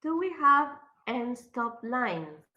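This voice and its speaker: Woman teacher walking a class through a poem, slow, bright voice, kinda muffled recording. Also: on the high side, big pitch swings. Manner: slow and questioning, switches to Spanish. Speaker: literature teacher. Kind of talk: classroom lecture.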